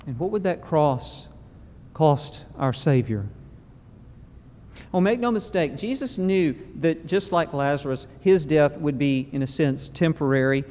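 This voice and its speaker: A man preaching a funeral sermon in a church, solemn and measured, with slow pauses. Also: a little high, lively intonation, darkish tone. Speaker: pastor. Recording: long reverb of a large hall.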